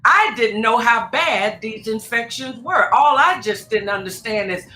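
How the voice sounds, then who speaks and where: A woman's voice: on the high side, animated, unhurried, pushed and bright, faint music behind. A woman spiritual advisor from Tacoma, Washington, talking as a guest on a radio show. She speaks emphatically and with exclamation, calling the host "girl" and "honey.". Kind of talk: casual preachy radio chat. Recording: echoey room, faint noise.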